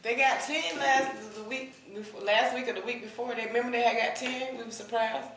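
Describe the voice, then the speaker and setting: Teasing co-host guy, high bright voice, super echoey room. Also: fairly even intonation, a crowd in the background. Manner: teasing, quick interjections. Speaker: podcast co-host. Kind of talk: casual chat.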